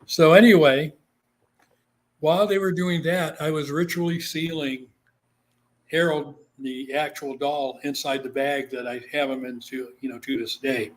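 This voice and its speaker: A man's voice: on the high side, steady tone, a little slow. A man from Guam, a psychic medium, telling a story in a casual interview, with lots of "you know" fillers and quoted voices. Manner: chatty, full of "you know" fillers, acts out quoted people.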